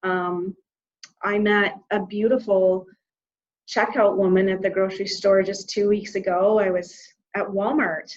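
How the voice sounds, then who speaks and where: A woman from Canada speaks as an interview guest, sharing a personal story in a heartfelt, reflective tone. She pauses often and restarts her sentences. Her voice sits at an ordinary middle pitch, and the recording sounds a little dull and muffled. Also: flat delivery.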